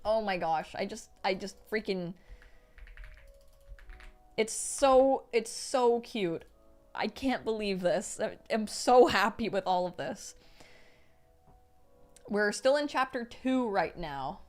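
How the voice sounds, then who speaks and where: A young woman streaming as she reads a novel aloud, gushing and squealing with excitement at the cute parts. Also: medium pitch, slow, pauses often, soft background music. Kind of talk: live-stream read-along with reactions.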